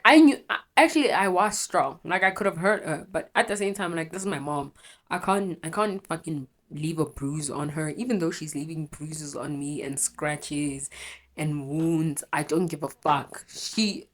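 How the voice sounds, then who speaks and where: A young woman talks through a painful memory, her low voice thick and teary from crying. She rambles, corrects herself and swears freely, raw and unpolished. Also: moderate pace. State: teary, runny nose from crying. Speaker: storytelling vlogger. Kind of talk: candid personal storytime.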